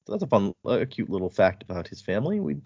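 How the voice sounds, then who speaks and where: A man chats casually on a podcast, retelling a story in loose paraphrase with easy laughs and a swear here and there. His voice sits at an ordinary pitch, close to the mic. The sound is dry and a bit dull and lo-fi. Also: very animated, fast, dark tone, breathy edge, no echo. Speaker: podcast co-host recapping book chapters. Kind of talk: casual chat. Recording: dull, slightly lo-fi podcast audio.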